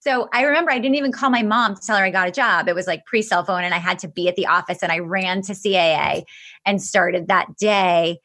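A middle-aged woman, a company founder, telling quick, lively career anecdotes as an interview guest. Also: lowish voice. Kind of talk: casual interview storytelling.

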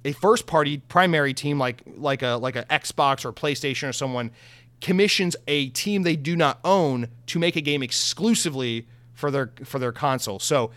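A man's voice: on the high side, fairly bright tone, dry recording. A young man giving casual, heated gaming news commentary, swearing freely and mocking companies in sarcastic voices.

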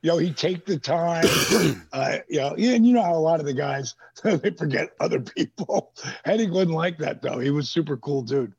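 A middle-aged man telling animated, profane stories on a podcast, acting out the voices of people he quotes. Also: on the high side, normal speed, gravelly, husky. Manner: animated, profane storyteller who acts out quotes. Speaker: guest. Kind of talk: casual storytelling. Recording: dull lo-fi podcast audio.

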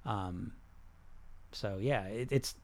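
A man hosting a casual livestream about weight loss, answering viewer comments in an animated, repetitive, salesy way. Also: fairly low pitch, extremely slow.

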